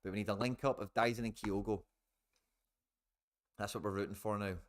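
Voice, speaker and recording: Scottish male streamer, lowish pitch, casual live match commentary, informal and chatty with viewers. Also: fairly even intonation, fairly quick, a little hiss or hum. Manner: chatty, swears, talks to viewers as guys. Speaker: live football watchalong streamer.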